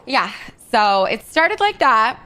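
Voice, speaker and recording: Venting woman, slightly high voice. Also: sing-song, slow pace, bright, forceful tone. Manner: vents freely, heavy swearing, breezy filler like "blah blah". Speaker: roleplay character telling a story. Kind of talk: casual in-character roleplay chat.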